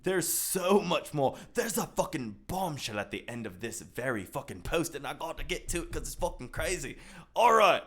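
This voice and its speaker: A male podcast host rants through his commentary, swearing freely and reading posts aloud with mockery. His pitch leaps up and down as he talks. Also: moderate pace, vocal fry. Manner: profane, animated ranting; reads posts aloud mockingly. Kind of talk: casual commentary.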